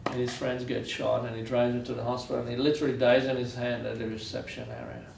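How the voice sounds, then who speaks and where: A guest lecturer from Israel tells stories earnestly, repeating phrases for emphasis, recorded from far off in a university lecture room. His mid-range voice is fast and gravelly, with an echoey room and background noise.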